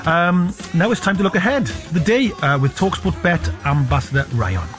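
A man's voice: sits high, animated, moderate pace, over music. A man hosting a sports radio show, chatty and jokey.

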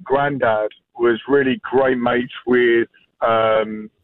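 A man's voice: mid-range voice, steady tone, slow, no echo. A man in his thirties from Ireland with an Irish accent, calling a radio phone-in and telling a rambling story full of fillers. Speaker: caller. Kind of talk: phone-in anecdote. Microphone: phone line. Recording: tinny phone line.

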